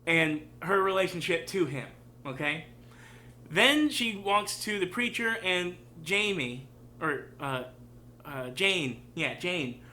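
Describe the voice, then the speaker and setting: A man's voice: high voice, animated, takes it slowly, bright, forceful tone, slight background noise. A man hosting a casual reaction show who rambles through his commentary with many fillers. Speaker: show host.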